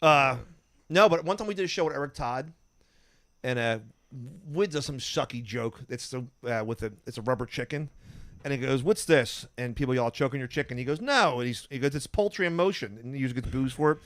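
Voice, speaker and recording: A man's voice: mid-range voice, a little fast, fairly bright tone, no room sound. A man telling rambling comic anecdotes on a podcast, often breaking into laughter. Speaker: podcast guest. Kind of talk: casual storytelling chat.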